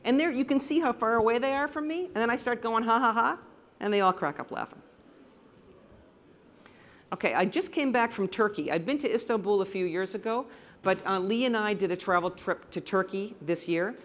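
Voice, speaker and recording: An American woman talks through her slides in front of a live audience in a room, telling anecdotes. Her delivery is enthusiastic and conversational, and her voice sits at an ordinary middle pitch for a woman. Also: lively intonation, a little fast. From United States. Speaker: photographer presenting to an audience. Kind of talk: presentation talk with slides.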